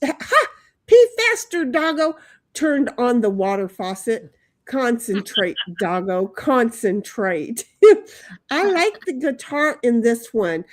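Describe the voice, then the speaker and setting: A woman's voice: a little high, a little mellow. A woman hosting a livestream in casual chat, reading viewer comments aloud, rambling and laughing often. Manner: rambling, laughs often, breaks into sung jingles. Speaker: livestream host.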